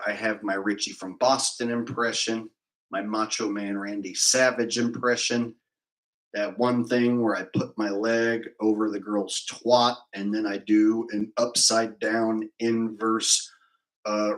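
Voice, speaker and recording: A man's voice: on the low side, fairly bright tone, rough recording. A man livestreaming, chatting casually and jokingly with his viewers in a rambling, off-the-cuff way. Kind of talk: casual chat with live viewers.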